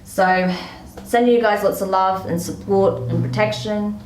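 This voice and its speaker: A woman's voice: mid-range voice, steady tone, a little slow, far from the mic, a little hiss or hum. A woman giving a casual tarot reading to camera, chatty and emphatic, often repeating herself. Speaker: tarot reader. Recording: roomy echo.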